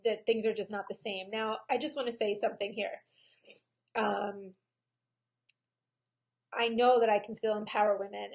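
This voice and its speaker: A woman photographer speaking candidly and emotionally in a personal video diary, pausing often with "um". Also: mid-range voice, creaky. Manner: frank and emotional, with frequent pauses and "um"s. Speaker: photographer and vlogger.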